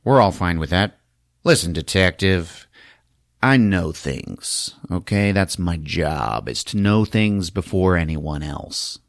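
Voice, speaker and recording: A man's voice: low voice, expressive, slow, creaky, dry recording, studio quality. A man hosting a podcast, recapping an action movie for laughs and acting out the characters in silly voices.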